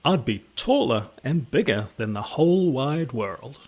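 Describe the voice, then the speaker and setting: A man's voice: mid-range voice, very animated, measured pace. A man voicing a small male caterpillar who insists he is a lion, speaking with stubborn pride. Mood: wistful. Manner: insistent, proud, then wailing.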